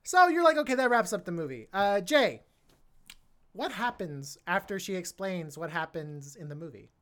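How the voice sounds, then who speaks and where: Excitable woman recapping a movie. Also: on the low side, normal speed. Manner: rambling, excited, swears freely. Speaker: podcast co-host. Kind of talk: casual movie recap chat.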